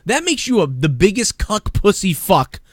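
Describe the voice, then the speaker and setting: A man hosting a live stream rants heatedly and swears often as he talks. His voice sits a little high and sounds dry and close. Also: very animated, moderate pace, no echo. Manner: heated ranting, profane. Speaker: stream host. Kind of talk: casual profane stream chat.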